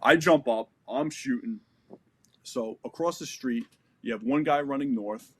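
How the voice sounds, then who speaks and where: An American man in his forties sits as a podcast guest, telling a war story in casual, profane language. His voice sits at an ordinary middle pitch, and he tells the story in vivid detail, acting out the back-and-forth of the action. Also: unhurried, breathy edge. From United States. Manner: profane, vivid, re-enacts dialogue.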